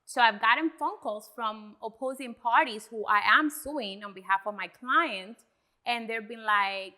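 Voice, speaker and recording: A woman lawyer on a casual podcast with a high, bright voice. She speaks emphatically and drops in Spanish phrases for punch. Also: a little slow. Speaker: attorney and podcast co-host.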